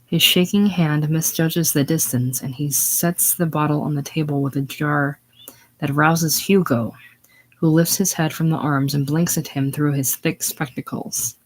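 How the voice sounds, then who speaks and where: A man's voice: a little high, steady tone, a little slow, low-quality recording. Man reading stage directions. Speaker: reader. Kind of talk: reading a stage play aloud.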